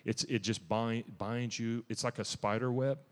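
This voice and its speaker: A man preaching a testimony-style sermon in a church. He is emphatic and zealous, with restarts and sudden loud bursts. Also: mid-range voice, fairly even intonation, measured pace, long reverb tail.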